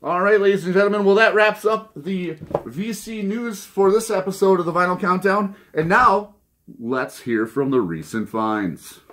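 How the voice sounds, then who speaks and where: At a normal pace, with slight background noise, a man hosting a vinyl record channel delivers mock news jokes and chats about his record finds. He's goofy and lively, his pitch swinging a lot as he laughs at his own gags.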